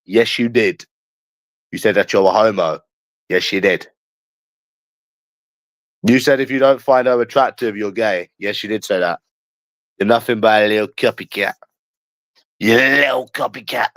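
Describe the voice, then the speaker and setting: On a dry recording, a young Londoner mocks someone repeatedly during a taunting live stream. He speaks at a normal pace in a lowish but fairly bright voice, pausing often.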